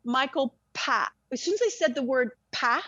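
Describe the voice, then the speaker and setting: A woman with a high voice tells a deeply personal story as an interview guest. She is animated and swears freely, often breaking off and restarting her sentences. The sound is dull and lo-fi, with a dry, close feel. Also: fairly quick, dry recording.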